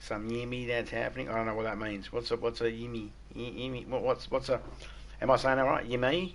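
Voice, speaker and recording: A man's voice: medium pitch, steady tone, brisk, a little hiss or hum. A laid-back Australian man chatting casually on a live game stream, swearing freely and often repeating himself. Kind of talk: casual live-stream chat while gaming.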